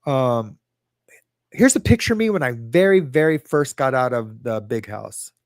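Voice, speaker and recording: A man's voice: mid-range voice, lively intonation, moderate pace, dry recording, clean studio sound. A middle-aged man hosting a livestream podcast, chatting casually, reading comments from chat and mocking himself as he rambles. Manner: rambling, self-mocking, reads chat aloud. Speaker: podcast host.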